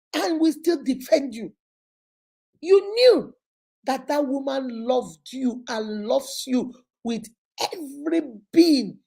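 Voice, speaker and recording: A woman's voice: sits high, gravelly, a little mellow. A woman with a Nigerian accent giving impassioned vlog commentary, scolding and preachy, hammering points home with repeated rhetorical questions. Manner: emphatic, repetitive, rhetorical questions. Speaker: vlogger host.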